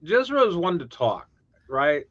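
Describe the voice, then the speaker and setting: Animated man on a dull mic. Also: on the high side, a little slow, no room sound. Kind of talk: casual chat about scripts.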